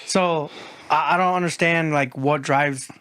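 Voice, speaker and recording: A man's voice: fairly high pitch, steady tone, unhurried, a bit bright, smooth. A man co-hosting a podcast in casual chat, rambling through a frustrated story. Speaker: podcast co-host.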